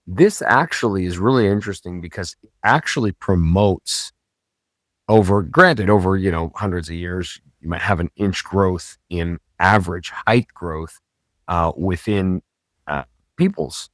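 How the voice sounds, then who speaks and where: A man's voice: deep voice, measured pace, a bit bright, dry recording, studio quality. A man hosting a podcast, talking in a casual, rambling way with many fillers and self-corrections. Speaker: podcast host.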